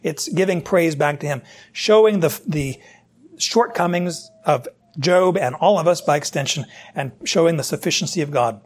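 A pastor preaches in an easy, conversational way, explaining scripture straight to his listeners. His voice is husky and sits a little high for a man. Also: moderate pace. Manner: conversational, explanatory, addresses the congregation directly. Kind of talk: sermon, verse-by-verse Bible teaching.

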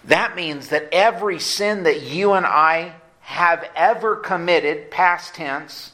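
Bright-voiced man preaching a sermon. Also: on the high side. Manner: earnest preaching, slows down for emphasis, acts out quoted voices. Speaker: pastor.

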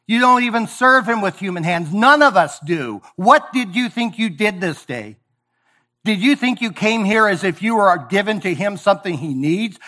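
Guy preaching, pretty high voice, gets loud then drops to almost nothing, some sarcasm. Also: big pitch swings, moderate pace. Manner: emphatic, swings from booming to hushed; sarcastic mock praise. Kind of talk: sermon.

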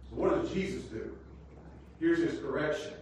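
High-voiced preacher man in echoey church. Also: moderate pace, a little hiss or hum. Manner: emphatic, swings between shouting and quiet teaching. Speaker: pastor. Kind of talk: sermon. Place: church sanctuary. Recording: echoey church hall from far off.

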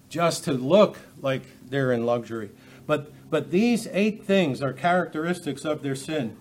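Male preacher, higher-than-usual voice, repetitive and emphatic sermon delivery. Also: lively intonation, measured pace.

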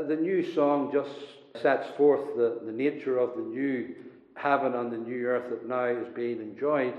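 A man preaching a sermon with emphatic, rising and falling delivery, repeating key words for force. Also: mid-range voice. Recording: echoey hall, dull lo-fi sound.

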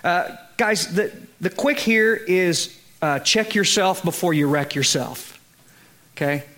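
A man's voice: high voice, slow pace, a bit bright. A man with a Southern US accent preaching a sermon in a conversational way, often checking in with his listeners and rising to emphatic peaks. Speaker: pastor.

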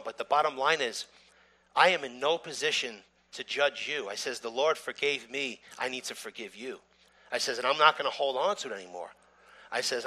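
A man preaching as a guest, giving a personal testimony in an earnest, halting way that builds to emphatic urging. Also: medium pitch, sharp tone. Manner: earnest, halting with repeated restarts, rising to emphatic exhortation.

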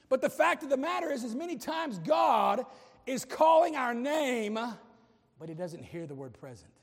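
A man preaches with fervor and wry humor, his voice pitched very high and rough with gravel. It is husky and carried by a long church reverb. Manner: impassioned preaching with humorous asides. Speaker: pastor. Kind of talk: sermon.

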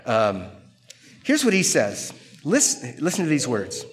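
An American man preaching an expository sermon as pastor, slow and emphatic, often repeating words for stress. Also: medium pitch, huge pitch swings, slight background noise. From United States. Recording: long hall reverb.

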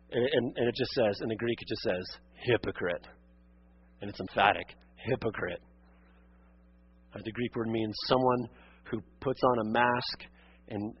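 Earnest husky-voiced man preaching a sermon. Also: lowish voice, dull audio. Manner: earnest, exhorting, rising to emphatic peaks and dropping to quiet asides; addresses listeners as friend and beloved. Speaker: pastor. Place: church sanctuary.

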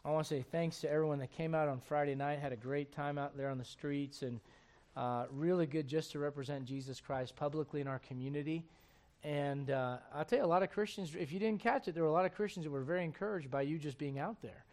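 A man's voice: on the high side, fast talker, a little mellow. A man preaching a sermon, emphatic and full of questions to the congregation, reading scripture aloud in old-fashioned wording. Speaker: pastor.

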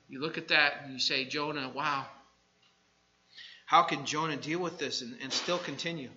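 A man preaching a sermon, swinging between quiet asides and loud shouted bursts. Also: on the high side, steady tone, moderate pace. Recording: dull lo-fi recording.

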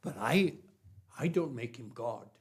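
A man preaching a sermon, emphatic and repetitive, with long pauses between phrases. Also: medium pitch, lively intonation, breathy edge.

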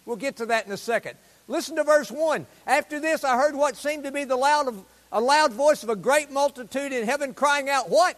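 A man preaching a sermon as pastor in a church, exuberant, with loud proclamations. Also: very high voice. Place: church sanctuary. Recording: long reverb of a church hall.

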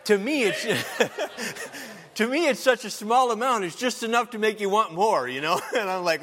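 A man's voice: high voice, normal speed, fairly bright tone. A man preaching a sermon, telling folksy stories and rising into emphatic appeals. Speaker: pastor. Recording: long hall reverb.

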